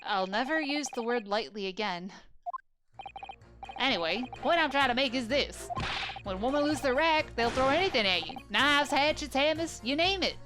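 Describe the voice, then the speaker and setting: A woman's voice: sits high, expressive, moderate pace. A woman voicing a rattled working-class London man who tells his tale in a rambling, colloquial way. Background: game music.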